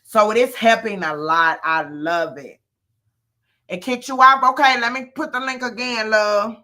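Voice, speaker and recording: A woman hosting a casual live chat from home, talking easily with frequent ums and pauses. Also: fairly high pitch, pushed and bright.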